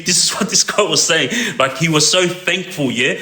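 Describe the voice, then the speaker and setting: A man tells a street story in a loose, rambling way, checking in with the listener every few lines. His voice sits a little high and sounds bright and forceful. The room around him is echoey. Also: animated, moderate pace. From Australia. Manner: rambling, checks in with a constant "yeah?". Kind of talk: casual crime storytelling.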